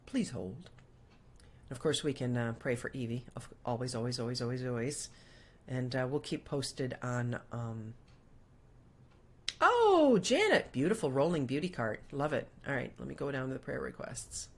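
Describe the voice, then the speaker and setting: A middle-aged woman hosting a casual livestream, reading out viewer comments and prayer requests in a chatty way with many fillers. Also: extremely low pitch. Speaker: host.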